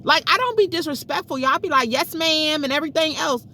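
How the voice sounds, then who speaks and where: A middle-aged woman vlogs from her phone in a parked car. Her voice is bright and sits a little high, and faint vehicle noise hums underneath. She vents in a chatty, exasperated way and keeps turning to her viewers as y'all. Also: animated, fast talker. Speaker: vlogger. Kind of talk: casual storytelling vlog.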